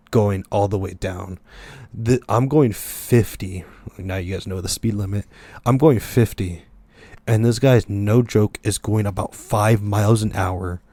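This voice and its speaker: Low-voiced man, laughing animated podcast host. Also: dry recording. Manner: laughs often, animated storyteller. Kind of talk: casual podcast chat.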